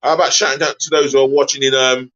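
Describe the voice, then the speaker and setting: A man hosting a live football watch-along stream, chatty and easily exasperated, giving viewers shout-outs. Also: medium pitch, little pitch movement, fast, muffled recording.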